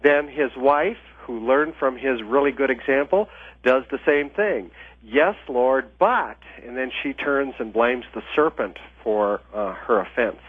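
A man, an author and ministry trainer, explaining things earnestly as a radio interview guest, with frequent small pauses and fillers. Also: mid-range voice, husky, no echo. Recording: tinny phone line.

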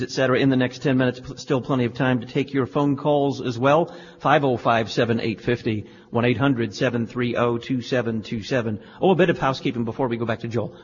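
A man's voice: medium pitch, a little hiss or hum. A male radio talk show host giving pointed, lecturing religious commentary. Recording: lo-fi studio with reverb.

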